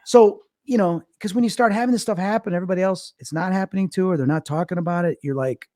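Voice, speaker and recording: A man's voice: sits high, fast talker, dry recording. A man, a medium guest in an interview, telling stories from childhood and acting out the voices in them. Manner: animated storyteller, acts out quotes. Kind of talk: storytelling in a casual interview.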